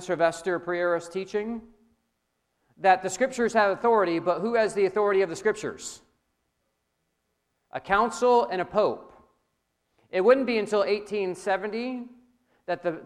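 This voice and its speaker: Animated male preacher, slightly high voice. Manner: animated, rising emphasis, addresses audience directly. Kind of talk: sermon lecture.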